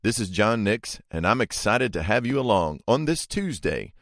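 Male podcast host, low voice, dry close recording, earnest conversational Bible commentary. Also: sing-song, moderate pace, fairly bright tone, no echo.

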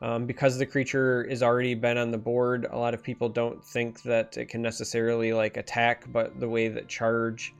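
A man's voice: medium pitch, completely flat delivery, moderate pace, hardly any pauses, clean tone, soft background music. A man from northern Michigan with a slightly nasal accent, co-hosting a casual stream chat and explaining game rules at length. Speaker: stream co-host.

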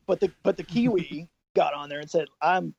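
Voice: medium pitch, brisk, vocal fry, dark tone, breathy edge. Middle-aged person telling rambling stories. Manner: rambling anecdotes full of fillers and restarts. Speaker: podcast co-host. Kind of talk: casual storytelling chat. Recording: dull lo-fi dry sound.

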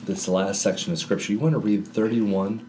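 Low-voiced guy talking through bible verses in a library, relaxed tone, faint hiss. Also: normal speed. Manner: conversational, explains with everyday examples. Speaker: co-host discussing scripture. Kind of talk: casual Bible study chat.

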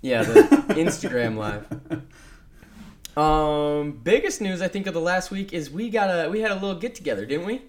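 A man's voice: a little high, lively intonation, normal speed. A man co-hosting a casual podcast chat, rambling and teasing his friend, with frequent swearing. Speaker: podcast co-host.

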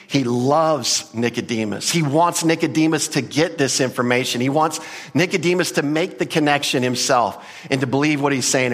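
Guy preaching verse by verse, conversational, mid pitch, big reverby church. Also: fairly bright tone. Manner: conversational, earnest, with frequent restarts. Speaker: pastor. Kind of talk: verse-by-verse sermon. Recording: long hall reverb.

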